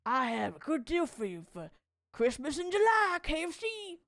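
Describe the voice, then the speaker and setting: Woman doing a squeaky cheery fried-chicken colonel. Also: normal speed, dry recording, studio quality, full character voice. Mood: excited. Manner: high, loud, excited sales pitch. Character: cheery male fast-food colonel mascot, pushy salesman.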